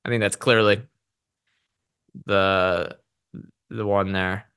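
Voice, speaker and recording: A man's voice: fairly low pitch, level tone, slow, fairly bright tone, clear, resonant tone, no echo, studio quality. A man co-hosting a casual investing show, thinking aloud and repeating words as he talks. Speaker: podcast co-host.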